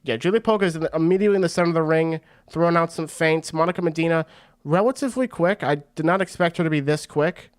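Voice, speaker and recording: A man's voice: fairly high pitch, fast. A man hosting a fight watch party, giving casual, rambling commentary full of slang. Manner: excitable and rambling, slangy with frequent "bro".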